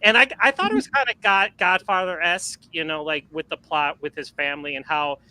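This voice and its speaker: Male guest, casual movie chat, very bright slightly high voice, rambling and animated. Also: a little fast, clean tone, rough recording. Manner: rambling, animated, many fillers and restarts. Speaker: podcast guest.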